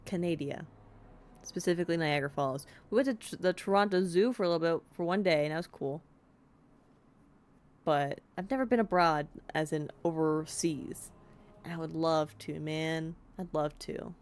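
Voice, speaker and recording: Low-voiced chatty American woman streamer. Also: normal speed, darkish tone. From United States. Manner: chatty, rambling, upbeat, lots of "like". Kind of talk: casual let's-play chat.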